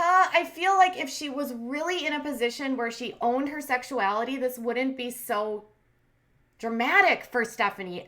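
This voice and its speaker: A woman's voice: sits high, animated, measured pace, pushed and bright. A woman hosting a commentary channel, recapping a reality show in a chatty, opinionated way with lots of "like" and "um". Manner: chatty, heavy use of "like" and "um"; opinionated, cheering and scolding the people she recaps.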